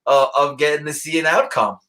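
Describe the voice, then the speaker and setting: A man's voice: on the high side, fairly quick, bright, forceful tone. A man co-hosting a casual fight talk show, laid-back and swearing casually. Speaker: podcast co-host. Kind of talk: casual chat.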